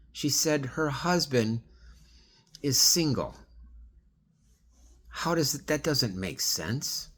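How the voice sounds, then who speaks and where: In a pleading, rambling video monologue addressed straight to someone who isn't there, a man with a mid-range, fairly bright voice speaks animatedly but slowly. He pauses often, restarts, and lets sentences trail off.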